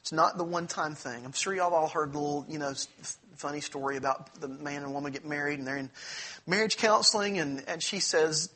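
A man's voice: on the high side, fairly quick, bright, forceful tone. A man teaching a church Bible class in an earnest, conversational way, with asides and restarts.

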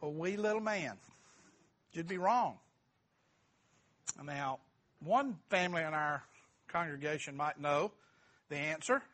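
A man's voice: a little high, moderate pace, a bit bright. A middle-aged man teaching a church Bible class, joking and quizzing the group. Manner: folksy, asks the group questions, self-deprecating humor.

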